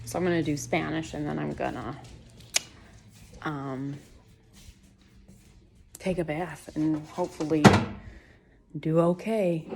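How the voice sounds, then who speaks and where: A woman's voice: low-pitched, steady tone, slow pace, gravelly, pauses often, background noise. A woman in her late thirties talking candidly in a casual home vlog, venting her frustration. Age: late 30s. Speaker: fasting vlogger. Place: at home, in bed.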